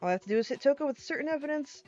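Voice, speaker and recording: A woman's voice: high voice, expressive, racing, warm tone, dull audio. A woman streamer giving casual, exasperated commentary on a game, laughing and swearing often. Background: faint game music.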